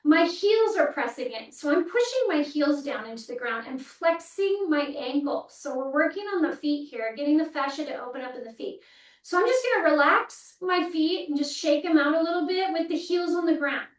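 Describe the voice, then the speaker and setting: High-voiced woman coaching floor exercises. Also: moderate pace. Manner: calm, step-by-step cueing while demonstrating. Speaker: movement coach. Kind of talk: guided exercise instruction. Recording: roomy, mic at a distance.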